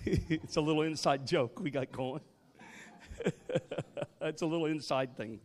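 A man's voice: on the high side, a little slow, pauses often, a little mellow. A man preaching a sermon, moving from joking asides to rising call-and-response exhortation. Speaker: guest preacher.

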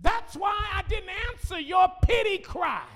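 A man voicing God as a stern, scolding male figure who shouts down at a whining believer. The voice sits high and strained, hammering each phrase. A long reverb rings from the church hall around it. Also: lively intonation, unhurried, faint music behind, heavily acted.

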